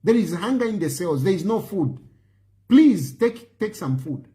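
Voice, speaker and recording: A man's voice: high-pitched, big pitch swings, moderate pace, mellow. A man with a Zambian accent delivering an impassioned political monologue as a show host, pleading and emphatic, repeating his phrases and slipping in Bemba words. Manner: mixes Bemba phrases into English.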